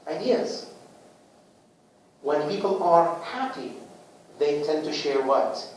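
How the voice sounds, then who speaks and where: A man presenting a book to a small group in a casual talk, with lively rhetorical questions and acted-out little scenes. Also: on the high side, takes it slowly. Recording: echoey room, far from the mic, faint noise.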